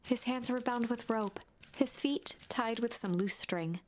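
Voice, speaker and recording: A woman narrating a storybook game in a hushed, measured way that drops to a whisper at tense moments. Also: a little high, slight background noise. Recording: game narration over loud music.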